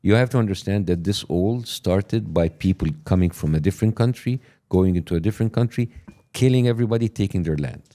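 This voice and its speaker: Low, mellow-voiced man arguing insistently. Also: brisk. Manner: insistent, steers away from questions to the big picture. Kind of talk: heated political discussion.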